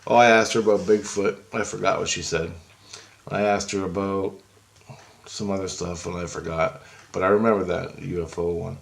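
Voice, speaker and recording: A man vlogging a casual, rambling story, excitedly quoting both sides of a conversation. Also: deep voice, normal speed, creaky. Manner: rambling, excitable, keeps quoting back and forth.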